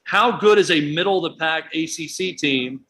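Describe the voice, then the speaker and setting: Male radio guest, sharp and bright tone, fairly high voice, weighs his picks out loud. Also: moderate pace. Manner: thoughtful, reasons things through aloud. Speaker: guest sports commentator. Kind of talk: sports talk radio.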